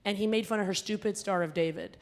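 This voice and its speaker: A woman's voice: mid-range voice, fast. Woman emcee telling a comic story on stage. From Southern United States. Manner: animated storyteller, loud acted-out outbursts in quoted lines. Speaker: gala emcee and comedian. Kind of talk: storytelling stand-up set. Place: large performing arts hall at a gala dinner.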